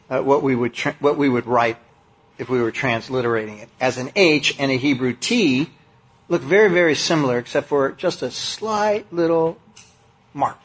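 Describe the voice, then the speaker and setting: Male preacher, sermon, husky voice, slightly high, conversational and emphatic, frequent fillers.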